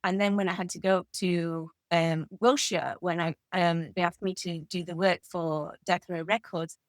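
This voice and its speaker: An English woman in her fifties, a guest author in an interview, telling lively anecdotes. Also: fairly low pitch, normal speed, no room sound. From England. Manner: animated anecdotal storytelling. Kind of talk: conversational interview.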